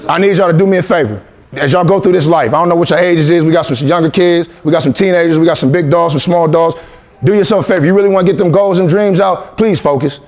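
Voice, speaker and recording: Forties motivational speaker from Ohio, rapid delivery, slightly high voice, call-and-response with the room. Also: male voice, a little mellow. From Columbus, Ohio. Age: 40s. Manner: call-and-response, repetitive, coaxing. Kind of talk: motivational talk to young athletes.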